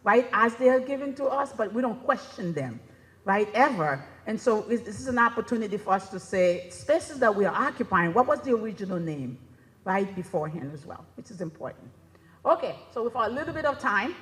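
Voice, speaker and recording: A woman's voice: mid-range voice, big pitch swings, a little fast, fairly bright tone. A woman giving a conference presentation in a chatty, conversational way, often checking in with "right?". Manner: conversational, keeps asking "right?". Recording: reverberant hall.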